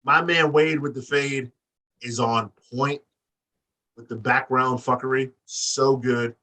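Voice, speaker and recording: A man co-hosting a wrestling podcast, talking in loose, profane banter with big animated swings in his voice. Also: slow. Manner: animated, profane, acts out quotes with big pitch jumps. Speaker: podcast co-host. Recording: distant mic.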